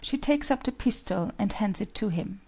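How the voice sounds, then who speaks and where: A woman narrating the stage directions of an audiobook play in an even, measured reading. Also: medium pitch.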